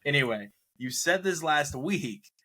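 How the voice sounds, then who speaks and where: A man's voice: a little high, animated, unhurried, pushed and bright, husky. A man co-hosting a sports podcast, arguing in a skeptical, needling way and laughing often. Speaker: podcast co-host. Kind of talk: casual sports debate.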